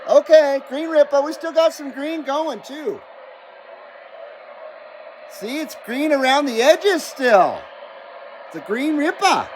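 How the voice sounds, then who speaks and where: A man's voice: very high voice, expressive, takes it slowly, pauses often, slight background noise. An American man hosting a CB radio livestream from his home radio room, chatting casually, reading viewer comments aloud and swearing now and then.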